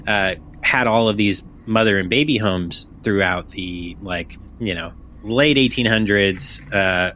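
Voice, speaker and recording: A man's voice: lowish voice, a bit bright, slight background noise. A man hosting a podcast in casual chat, rambling and swearing freely. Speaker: podcast host.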